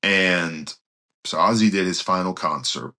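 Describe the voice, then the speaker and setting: A man, a pastor and guest, telling a story in conversation in an earnest, animated way and acting out what others said. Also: sits low, unhurried. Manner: animated, acts out others' speech while retelling; earnest, some restarts.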